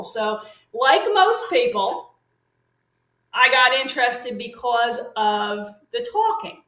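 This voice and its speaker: A woman's voice: fairly high pitch, animated, normal speed, sharp tone, echoey room, poor audio. A middle-aged woman telling long casual stories as an interview guest, rambling with fillers and restarts. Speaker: guest, parrot consultant. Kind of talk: casual storytelling chat.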